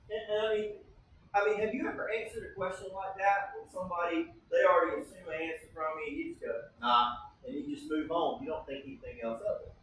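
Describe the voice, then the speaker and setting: A man's voice: fairly high pitch, heavy reverb, distant mic, a little hiss or hum, poor audio. A man preaching a sermon as pastor, teaching in a conversational way and often checking in with the congregation. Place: church sanctuary.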